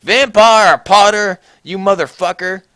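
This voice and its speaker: A man voicing a melodramatic, angry goth teenage girl, shouting in an exaggerated high voice. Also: fairly even intonation, measured pace, clean tone, no room sound, clean studio sound. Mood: furious.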